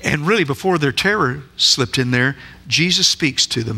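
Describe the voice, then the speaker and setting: Male preacher, sermon delivery, emphatic questioner, sharp bright tone. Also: medium pitch, expressive, normal speed, vocal fry, hardly any pauses, husky. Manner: emphatic, asks the listeners many rhetorical questions. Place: church sanctuary.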